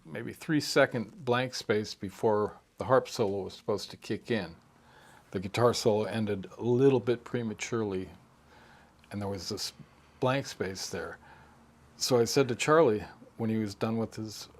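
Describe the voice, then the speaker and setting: Low-voiced man telling studio stories. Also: moderate pace. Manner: rambling, full of restarts and asides. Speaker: harmonica player and musician. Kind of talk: casual anecdotal interview storytelling.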